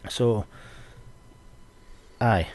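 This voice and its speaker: A young Scottish man, a podcast host, chatting casually and ranting with plenty of swearing. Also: very slow. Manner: sweary, ranting, animated storytelling.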